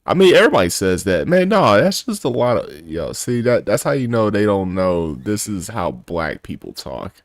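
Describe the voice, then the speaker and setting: A man's voice: fairly low pitch, very animated, moderate pace, few pauses, no room sound, studio quality. A man hosting a reaction video, talking bluntly and casually, swearing and laughing often.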